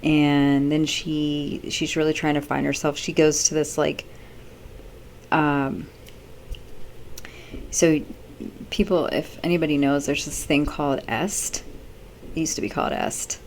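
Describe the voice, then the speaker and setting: A woman's voice: deep voice, little pitch movement, a little slow, pauses often, slight background noise. A middle-aged woman vlogging in casual chat, rambling off the cuff with many fillers.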